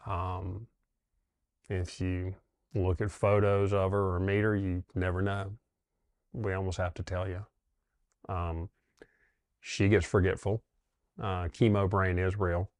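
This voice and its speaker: A middle-aged man with a low, deep voice tells a personal story slowly and haltingly, pausing often with fillers. His delivery is even and flat, without big swings, and the sound is close and dry. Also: dry recording. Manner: halting and heartfelt, with many pauses and fillers. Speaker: dentist sharing his wife's cancer story.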